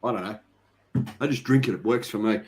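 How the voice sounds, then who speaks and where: A man's voice: on the low side, brisk, a little mellow. A middle-aged Australian man from Victoria, hosting a casual live-stream chat, telling stories, getting sidetracked and laughing often. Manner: chatty storyteller, easily sidetracked, laughs often. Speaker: host. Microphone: video call.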